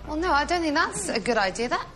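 An actress playing an exasperated shop owner who flatly shuts down a salesman. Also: high-pitched, fast.

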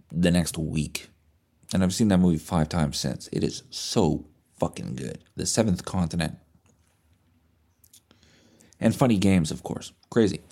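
Low-voiced, profane podcast host. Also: male voice, unhurried, pauses often. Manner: profane, animated retelling with restarts. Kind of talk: casual storytelling chat.

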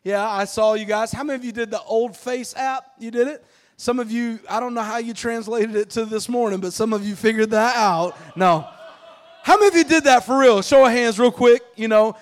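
A man pastor preaching a lively, jokey sermon to his congregation, getting them to repeat phrases back. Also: very high voice, fairly quick. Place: church auditorium with congregation.

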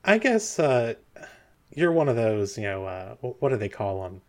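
A man's voice: mid-range voice, sing-song, normal speed, darkish tone, close to an everyday voice. A man voicing a chirpy, flippant young female monster creature in a tabletop game, with a breezy, teasing manner.

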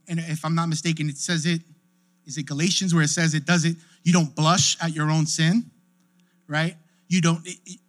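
A young adult male pastor preaching a sermon in a casual, conversational way, often checking in with the listeners. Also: a little high. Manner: conversational preaching, frequent "right?" asides.

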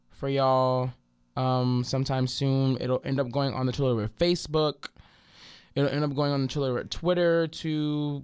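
A man hosting a casual podcast who tells stories in an animated, profane way and acts out what other people said. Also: mid-range voice, clean tone, dry recording. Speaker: podcast host. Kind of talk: casual storytelling chat.

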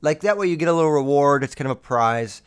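A man's voice: fairly high pitch, animated, fast, clear, resonant tone. A young man hosting a podcast, reading out a story and breaking off into profane, joking rants full of "like" and "um". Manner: profane, joking asides, lots of fillers. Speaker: podcast host. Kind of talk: casual storytelling monologue.

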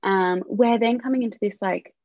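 A woman guest on a podcast, a miscarriage and abortion coach, speaking openly and warmly about her own experience. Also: medium pitch, moderate pace, dry recording, lo-fi sound. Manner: open, heartfelt, sharing personal experience. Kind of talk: candid podcast conversation.

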